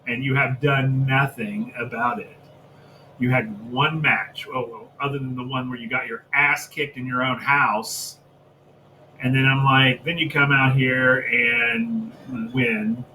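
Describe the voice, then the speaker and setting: A man's voice: medium pitch, steady tone, measured pace, pushed and bright, slight background noise, poor audio. A man co-hosting a wrestling review podcast, ranting heatedly and with lots of profanity about a storyline. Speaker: podcast co-host. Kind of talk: casual wrestling review chat.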